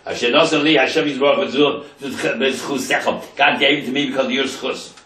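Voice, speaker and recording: A man's voice: steady tone, moderate pace, pushed and bright, roomy sound, far from the mic, lightly acted, rough recording. A man voicing a grieving mother who pleads at a holy tomb in a rising, wailing voice. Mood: pleading. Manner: wailing plea, pitch rising sharply.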